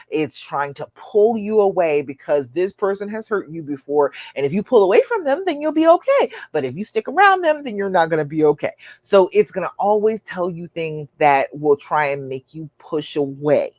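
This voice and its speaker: A woman's voice: low voice, darkish tone, no room sound. A woman hosting a live relationship-coaching show, answering viewer questions in an earnest, encouraging way and acting out imagined inner voices.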